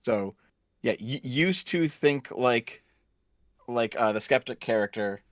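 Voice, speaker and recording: A man's voice: medium pitch, lively intonation, takes it slowly, no echo, clean studio sound. A man casually explaining a horror movie's characters in a loose, chatty way.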